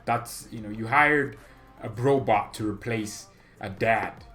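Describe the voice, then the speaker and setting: A man hosting a football fan channel, talking in a rambling, opinionated way with sudden excited jumps in pitch and loudness and frequent laughs. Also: takes it slowly, faint music behind. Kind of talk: casual fan reaction vlog.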